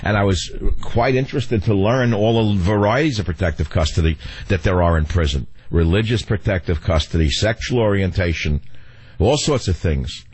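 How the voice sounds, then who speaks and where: A man's voice: low voice, moderate pace, darkish tone, slightly rough. An older man hosting a talk radio show, rambling wryly and cracking jokes at a studio microphone. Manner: rambling, wry and joking. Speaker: radio host.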